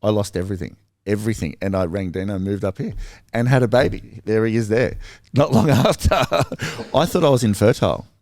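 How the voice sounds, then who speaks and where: A man with an Australian accent, telling stories in a casual podcast chat, rambling and animated with lots of fillers. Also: lowish voice, fairly quick, no echo, studio quality.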